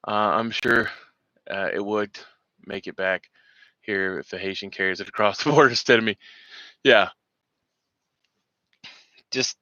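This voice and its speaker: A man's voice: lowish voice, bright, forceful tone, no room sound, lo-fi sound. A man hosting a veterans' show, ranting in heated, rambling, profane commentary.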